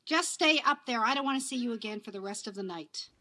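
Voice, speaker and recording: A woman's voice: on the high side, lively intonation, fast talker, bright, forceful tone. A fed-up, exasperated mother. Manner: curt, fed-up. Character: exasperated mother scolding her son.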